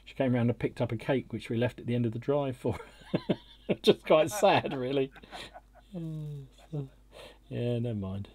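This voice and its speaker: A man's voice: mid-range voice, normal speed, darkish tone. A middle-aged man hosting a casual chat podcast, rambling and self-deprecating with many restarts. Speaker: podcast host.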